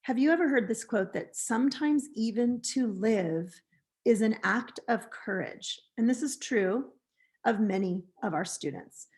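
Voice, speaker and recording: An American woman presenting a teaching webinar, gently and earnestly contrasting harsh phrases with supportive ones. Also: a little high, lively intonation, a little slow. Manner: gentle, earnest, reads example phrases aloud. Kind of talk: recorded webinar lecture.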